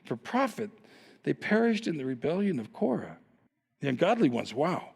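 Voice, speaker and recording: Pastor guy preaching, high lively voice, big hall echo, keeps asking the crowd teasing questions. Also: normal speed, creaky, husky. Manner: animated, teasing rhetorical questions to the congregation. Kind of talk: sermon.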